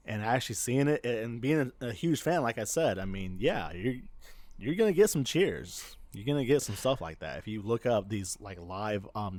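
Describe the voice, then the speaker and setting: A man's voice: on the low side, darkish tone, dry recording. A man co-hosting a podcast, telling stories in casual chat, rambling with frequent laughter and restarts. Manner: rambling storyteller, laughs often, many restarts. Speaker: podcast co-host.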